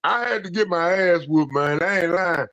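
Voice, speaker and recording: A man calling in, telling a story casually with profanity and acting out quotes in an animated way. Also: sits high, moderate pace, dull audio. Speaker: caller.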